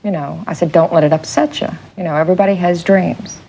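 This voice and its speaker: Woman with a low voice recalling. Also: steady tone, quick pace, creaky, dark tone, low-quality recording. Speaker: interviewee. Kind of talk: casual interview recollection.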